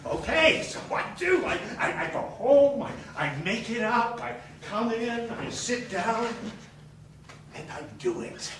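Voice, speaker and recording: An actor on stage playing a bitter, boastful man in group therapy, stammering through repetitions and turning sarcastic, with bursts of shouting. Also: extremely high pitch, lively intonation, measured pace, far from the mic, heavily acted. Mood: rambling. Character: bitter, boastful middle-aged male loser in group therapy. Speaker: stage monologue character. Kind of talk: live theatre monologue. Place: theatre stage. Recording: echoey theatre recorded from afar, noisy.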